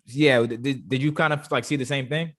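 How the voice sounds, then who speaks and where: A man hosts a casual review chat with a mid-range male voice. He talks in excited bursts, stumbling and repeating his words as he goes. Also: medium pitch, brisk. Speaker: show host.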